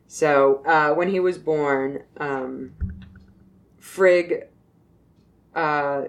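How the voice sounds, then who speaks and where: Low-voiced woman, jokey storyteller. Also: fairly even intonation, extremely slow. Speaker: podcast host retelling myths. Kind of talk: casual chat.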